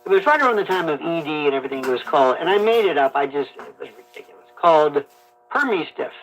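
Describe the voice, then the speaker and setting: A man hosting a call-in radio talk show, fast and jokey, telling rambling stories over an AM broadcast. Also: on the high side, big pitch swings, a bit bright. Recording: AM radio broadcast, slightly muffled.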